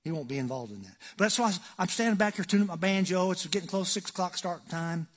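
A man preaching a sermon as pastor, folksy and joking, swinging between loud emphasis and hushed asides. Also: sits high, lively intonation, fast talker.

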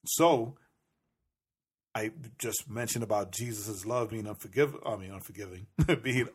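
An earnest man co-hosts a casual faith podcast with a husky edge to his voice. He explains his beliefs in a preachy, measured way and keeps asking "right?" to pull the listener along. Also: lowish voice. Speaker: podcast co-host.

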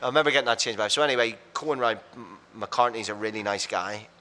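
A man with a bright, forward voice tumbles through blunt, self-mocking stories at high speed. He sits a touch low in pitch, chatting casually as a podcast guest. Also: fast talker, slight background noise. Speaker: radio presenter and podcast guest. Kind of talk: casual storytelling chat.

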